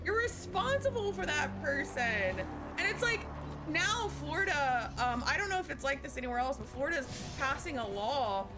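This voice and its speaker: A woman's voice: sits high, sing-song, moderate pace. A woman streaming live, chatting casually with her viewers while she plays, candid and swearing often, repeating herself. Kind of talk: casual chat while gaming. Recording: loud game music under voice. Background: loud game music.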